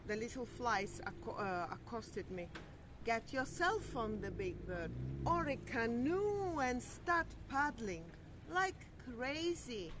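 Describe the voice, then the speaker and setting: A woman with a fairly high voice speaks very slowly, stretching her words out in a playful, teasing way. She is recorded outdoors on a camera mic at a harbour, with clear outdoor noise behind her. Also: sing-song. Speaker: vlog co-host. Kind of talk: casual vlog chat.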